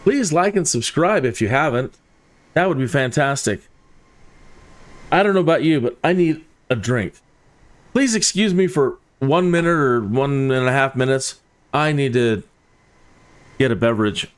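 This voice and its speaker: A man's voice: mid-range voice, expressive, normal speed, long pauses. A man giving casual, chatty commentary while flying a flight sim, talking directly to his viewers.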